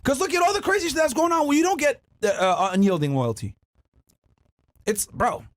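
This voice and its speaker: A man with a high voice ranting on a reaction stream. He swings his pitch all over as he pushes his points, loud, emphatic and profane. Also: lively intonation, a little fast. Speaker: podcast co-host.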